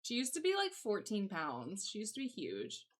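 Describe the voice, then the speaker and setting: A woman's voice: medium pitch, wildly swooping pitch, moderate pace. A young woman with a light Southern twang, chatting away in a loose, rambling way while she streams from home. She reads her chat aloud and answers it as she goes, talking into a desk microphone in her own everyday voice. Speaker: livestreamer. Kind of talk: casual live-stream chat.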